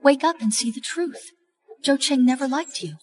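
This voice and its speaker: Cold cartoon schemer, high-pitched, lecturing and scornful, female actor. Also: normal speed, lightly acted, rough recording. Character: cold, scheming woman in disguise.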